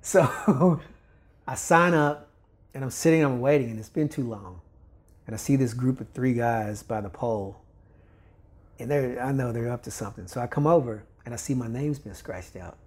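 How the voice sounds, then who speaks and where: An older Kentucky man who coaches volleyball is a podcast guest telling a story in casual talk. His voice is medium-pitched and moderately paced, and he's animated, acting out the voices of the people in the story and laughing often.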